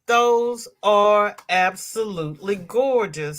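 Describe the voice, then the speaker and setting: A middle-aged woman hosting a casual crafting livestream and reading viewer comments aloud. She is effusive and affectionate, calls viewers "girl" and "honey", laughs often and jumps high in pitch when excited. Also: slow. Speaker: livestream host of a crochet show.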